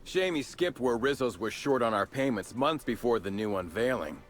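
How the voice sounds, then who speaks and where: A man's voice: mid-range voice, expressive, normal speed, lightly acted. An actor playing a haughty, condescending male security agent in a video game.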